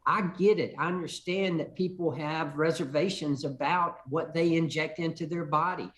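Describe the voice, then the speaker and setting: Older male congressman, emphatic, restarts his sentences, fairly high pitch. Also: moderate pace, fairly bright tone. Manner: emphatic, repeats words when starting sentences. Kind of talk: call-in TV interview answers.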